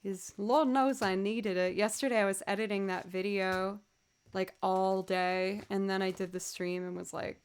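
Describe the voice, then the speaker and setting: A woman's voice: medium pitch, steady tone, normal speed, clear, resonant tone. A woman chatting casually on a livestream, tired and yawning, rambling and thanking viewers as she goes. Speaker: streamer and musician.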